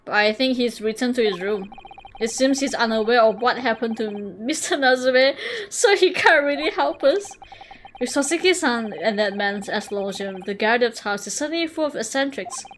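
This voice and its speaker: A woman's voice: normal speed, a bit bright, slight background noise, lightly acted. A woman voicing a polite, earnest young lawyer. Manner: polite, earnest, low-key.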